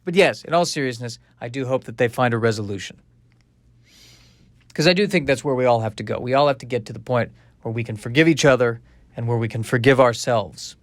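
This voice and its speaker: A man's voice: medium pitch, a little fast, no room sound. A man hosting a solo comedy podcast, rambling through tangents with lots of fillers. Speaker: podcast host.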